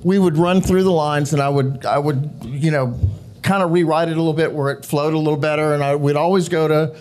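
High-voiced man spinning lively stories. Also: fairly quick. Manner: animated, laughing, acts out quotes. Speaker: actor guest telling set stories. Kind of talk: live storytelling to an audience. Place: live show venue with audience.

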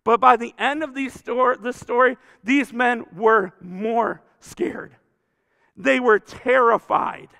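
A man with a very high, gravelly voice preaches in a church, his words ringing out in a long hall reverb. He talks to the room conversationally, rising to loud emphasis and then dropping to near hush. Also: slow pace. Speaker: pastor. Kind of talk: sermon. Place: church sanctuary.

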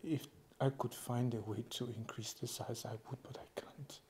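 An actor playing an ashamed young husband who pleads softly. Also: male voice, medium pitch, fairly even intonation, normal speed, in a whisper, lightly acted. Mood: pleading. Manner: pleading and soft-spoken. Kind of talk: film drama acting.

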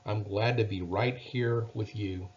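A man voicing a small, timid young acorn in a storybook, speaking softly and hesitantly. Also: fairly low pitch, steady tone, measured pace, muffled recording, a little hiss or hum, natural voice.

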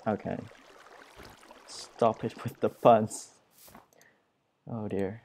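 A young man talks through his gameplay at an unhurried, drawn-out pace, his voice soft and mellow rather than bright. He delivers self-deprecating jokes and puns in a flat, low-key tone. A faint hiss sits under the home mic recording. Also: creaky. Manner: self-mocking, flat, pun-making. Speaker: Let's Play gamer. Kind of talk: casual gameplay commentary.

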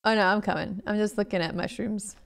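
A woman streamer chatting casually while playing a game with a friend, excitable and quick to laugh. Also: mid-range voice, creaky. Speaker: gaming streamer. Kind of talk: casual gameplay chat.

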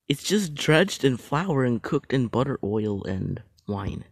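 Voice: medium pitch, very animated, slow pace, vocal fry, breathy edge, dry recording. A creator who reads funny texts aloud, laughing often and apologizing for it. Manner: laughs often while reading. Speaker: video creator.

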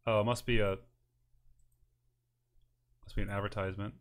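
A man's voice: fairly low pitch, level tone, moderate pace. Chatty man playing a game. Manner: chatty, reads game text aloud. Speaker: gameplay commentator. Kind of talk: casual let's-play chat.

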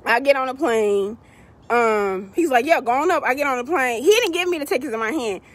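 A woman tells her viewers a travel mishap in a loose, chatty vlog style. Her voice sits high, and she swings into the voices of the people in the story as she talks. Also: a little fast. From United States. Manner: animated, addresses viewers as y'all, acts out quoted people. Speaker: vlogger telling a travel story.

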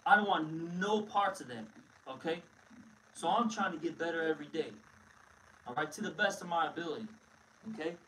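A man's voice: a little high, brisk, long pauses, a bit bright, slight background noise. A man teaching scripture in a blunt, emphatic way, often calling listeners "man", recorded from a distance.

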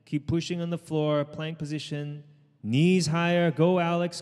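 A man leading an outdoor group workout as trainer, calling out counts and urging people on, with quick asides in Cantonese. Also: on the high side, steady tone, big-room sound. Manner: shouted counting and encouragement, switching into Cantonese asides. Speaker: fitness trainer. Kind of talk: live workout coaching. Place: outdoors in the sun.

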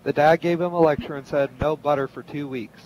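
A man's voice: a little high, fairly even intonation, darkish tone, slight background noise, low-quality recording. A man in a game voice chat, telling a joke in a storytelling way with small stumbles. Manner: storytelling, slightly halting. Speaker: player in voice chat.

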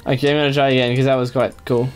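A man chatting excitedly through a let's-play video, joking as he goes. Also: mid-range voice, racing, clean tone, faint music behind. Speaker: gaming video creator.

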